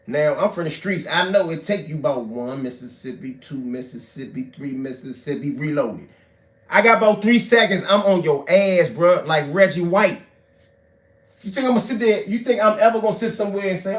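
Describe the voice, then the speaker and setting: A man, telling street stories. He is loud and profane, jumping from shouting to low muttering. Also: lively intonation, normal speed. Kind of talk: animated street storytelling.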